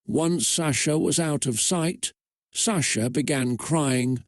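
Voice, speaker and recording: A man reading a fan story aloud in a flat, steady way. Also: mid-range voice, takes it slowly, dry recording, clean studio sound. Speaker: narrator.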